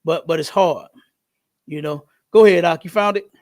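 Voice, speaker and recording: A man's voice: fairly high pitch, normal speed, darkish tone. A man teaching a class in a loose, casual way, telling stories and swearing freely. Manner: loose, profane, storytelling.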